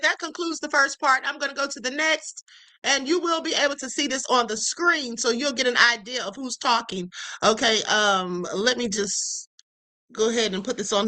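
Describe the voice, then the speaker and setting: A woman's voice: fairly high pitch, brisk, sharp tone. A woman hosting a livestream, chatting assertively and reassuringly about a court case. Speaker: livestream host. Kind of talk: casual commentary.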